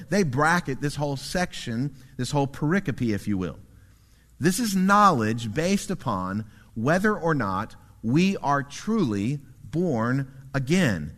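A man's voice: a little high, very animated, a bit bright. Earnest male pastor preaching. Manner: earnest, measured, emphatic repetition. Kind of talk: sermon.

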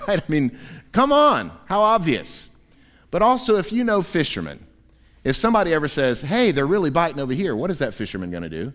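A man delivers a sermon from the pulpit, his voice sitting a bit high for a man. He is animated and playful, slipping into quoted voices for humor. The sound carries a long church-hall reverb. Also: brisk. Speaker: pastor. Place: church sanctuary.

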